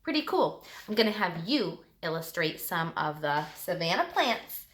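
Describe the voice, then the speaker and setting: A woman teacher giving a lesson to young children, talking in a lively, sing-song way. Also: on the low side, normal speed, roomy sound, slight background noise.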